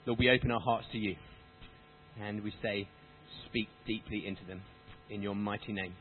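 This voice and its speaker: A man's voice: lowish voice, steady tone, moderate pace. Earnest man praying aloud, tinny sound. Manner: earnest, repeats "Lord" often. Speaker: church leader introducing the speaker. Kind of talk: spoken prayer. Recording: tinny phone-like sound with faint hum.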